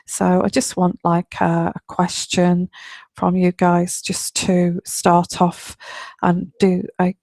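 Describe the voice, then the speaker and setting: A woman hosts a live online radio show as a tarot reader, keeping her voice low and whispery. Her pitch sits on the low side, and she rambles in a chatty way, full of fillers and restarts. The recording is dry and close, with no room sound. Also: completely flat delivery, slow pace, gravelly, dry recording. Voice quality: quiet, whispery voice. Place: home, late at night.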